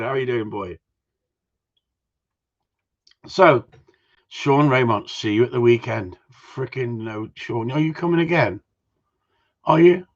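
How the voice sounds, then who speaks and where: With medium pitch, a slow pace and long pauses, a middle-aged man who trains gundogs rambles bluntly through his opinions on a casual live-stream Q&A, cursing freely. The live-stream mic gives dull audio.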